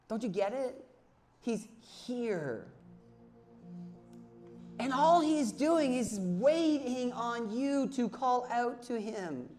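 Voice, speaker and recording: A young man preaching a sermon as youth pastor, swinging from hushed asides to loud emphatic calls and repeating lines for emphasis. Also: extremely high pitch. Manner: repeats phrases for emphasis, asks the audience questions.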